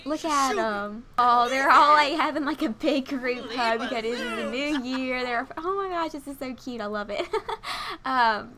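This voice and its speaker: A chatty young woman narrating her game in a gushing, filler-laden way. Her voice sits a little higher than most women's. Underneath, a crowd from the game chatters clearly. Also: moderate pace. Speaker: let's play host. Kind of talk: casual gameplay commentary.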